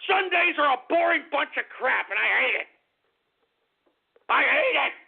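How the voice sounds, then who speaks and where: Gravelly radio host guy ranting and yelling, sounds like it's over a phone line. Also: very high-pitched, animated, moderate pace. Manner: exasperated, shouting, rambling. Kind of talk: ranting comedic radio monologue. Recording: tinny phone-like lo-fi audio.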